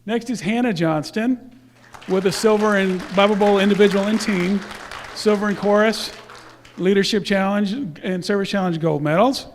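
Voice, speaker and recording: A man's voice: high-pitched, normal speed, background noise. A man speaking casually to a church congregation, presenting youth awards in a rambling way with fillers and self-corrections.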